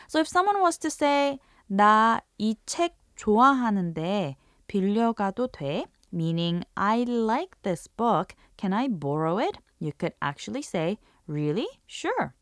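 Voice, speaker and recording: A woman's voice: lowish voice, no echo, clean studio sound. A woman hosting a language lesson, reading a scripted explanation and demonstrating intonation with example phrases. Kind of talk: scripted radio-style lesson narration.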